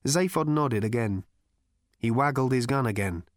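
A man narrating a story as an audiobook in a dry, wry, measured way. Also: medium pitch, lively intonation, dry recording.

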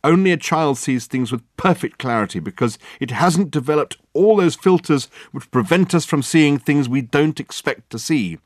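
Guy reading doing a showy excitable detective, big pompous speeches, pitched way up, dry sound. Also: takes it slowly, hardly any pauses, no room sound. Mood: exasperated. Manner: grandiloquent, exclamatory. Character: theatrical excitable eccentric male detective.

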